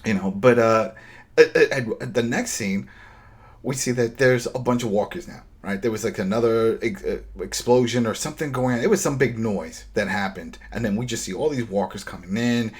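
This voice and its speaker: A man co-hosting a podcast, retelling a TV episode in casual chat with lively storytelling and dry, sarcastic asides. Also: mid-range voice, normal speed, slightly rough. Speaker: podcast co-host.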